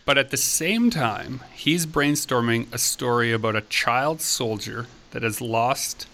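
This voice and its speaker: A man's voice: medium pitch, a little slow. A man hosting a podcast, eagerly explaining and retelling stories in casual chat. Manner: animated storyteller, explains eagerly. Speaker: podcast host.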